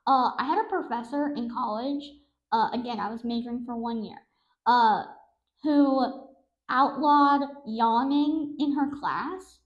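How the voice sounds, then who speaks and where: A young adult woman hosting a podcast, telling stories in a sarcastic, animated, self-mocking way. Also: a little high, unhurried, reverberant, lo-fi sound. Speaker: podcast host. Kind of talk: casual storytelling monologue.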